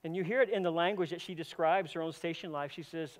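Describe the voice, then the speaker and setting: A man who is a senior pastor, preaching a sermon as an earnest storyteller who often repeats a word when starting a phrase and swings between emphatic stretches and hushed passages. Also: a little high, fast, hardly any pauses.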